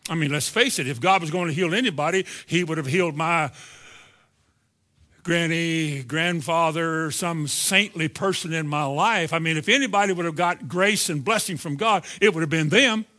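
Bright-voiced preacher man, emphatic. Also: on the high side, normal speed. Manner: emphatic, rhetorical questions to the congregation; sarcastic asides. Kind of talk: sermon.

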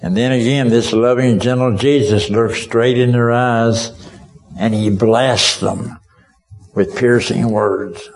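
Guy preaching slow, acting out the story like he's in the crowd, keeps asking you if you see it. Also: medium pitch, steady tone, low-quality recording. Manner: vivid, exclaiming, addresses listeners directly; speaks as a witness in the crowd. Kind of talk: dramatic sermon storytelling.

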